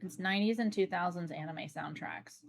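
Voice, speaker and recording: A woman's voice: lowish voice, normal speed, gravelly, a little hiss or hum. A woman streamer chatting casually with her viewers in a chatty, dry and matter-of-fact way. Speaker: livestreamer. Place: seated at a desk.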